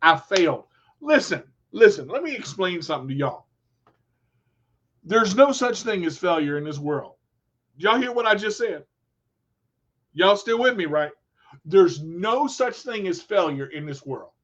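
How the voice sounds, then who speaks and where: Brief: high-pitched male host, unhurried, preachy motivational talk, lo-fi stream sound. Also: big pitch swings. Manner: preachy, repeats himself, addresses viewers as y'all. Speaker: show host.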